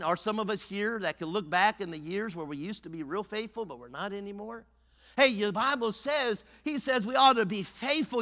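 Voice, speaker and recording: A male pastor preaching a fervent sermon in a church sanctuary, swinging between loud exhortation and hushed earnestness. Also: sits high. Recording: long church reverb.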